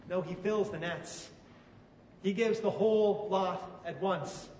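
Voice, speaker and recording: Heard from a distance in an echoey hall with faint ambience and slight background noise, a pastor delivers a conversational sermon full of questions for his listeners. He speaks slowly in a high-pitched voice.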